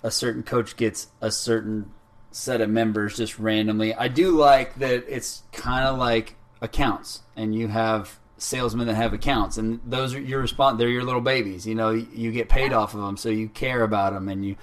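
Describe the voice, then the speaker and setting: A man chatting casually, relaxed, thinking aloud with fillers. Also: mid-range voice, normal speed. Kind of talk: casual podcast chat.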